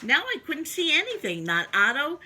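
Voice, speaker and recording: Bright, expressive woman reading a children's story. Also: high-pitched, moderate pace. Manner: expressive, with sing-song emphasis. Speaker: storybook reader.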